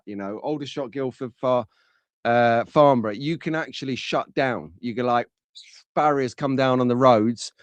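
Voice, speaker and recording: A man's voice: fairly high pitch, no room sound. A man hosting a live stream in a chatty, rambling, jokey way, greeting viewers by name. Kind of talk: casual live-stream chat with viewer shout-outs.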